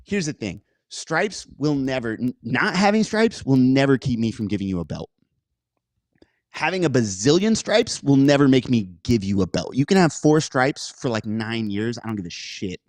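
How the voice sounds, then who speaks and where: Male co-host, blunt and laid-back, lively pitch, dry sound. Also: moderate pace, no echo. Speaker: podcast co-host and coach. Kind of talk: casual podcast banter.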